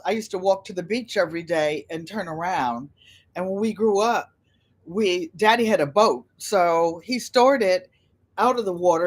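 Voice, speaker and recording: An older woman chatting casually on a livestream, rambling from story to story and greeting viewers by name. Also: medium pitch. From United States. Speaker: livestream host.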